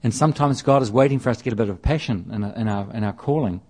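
A man preaches at a quick pace, his mid-range voice a little mellow. Reading and explaining scripture in a conversational manner, he keeps restarting and going back over the same phrases.

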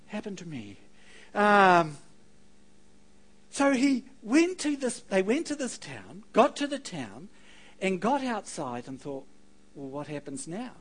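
A man preaching a sermon. His pitch leaps and falls as he acts out the stories he tells. He throws in quick joking asides to the congregation. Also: husky, low-quality recording. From New Zealand. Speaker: pastor.

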